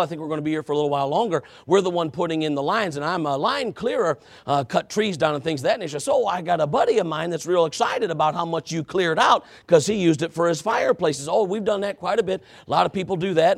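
A man preaching a sermon, telling a story with asides to the congregation and swinging from shouting to quiet confession. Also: a little high.

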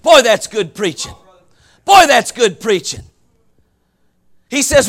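A man preaching a fervent sermon with folksy asides, often rising to shouts. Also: high voice, sing-song, unhurried, pauses often. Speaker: pastor.

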